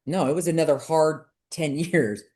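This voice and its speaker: A middle-aged woman, a podcast guest, telling a personal story in candid conversation and acting out quoted voices with sudden jumps in pitch. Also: moderate pace, dark tone, breathy edge.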